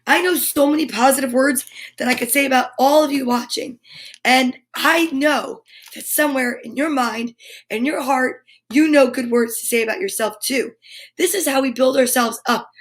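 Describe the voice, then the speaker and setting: A woman's voice: high voice, normal speed. A woman hosting a live children's storytime, upbeat and encouraging as she leads affirmations and reads picture books aloud. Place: home studio for a live stream.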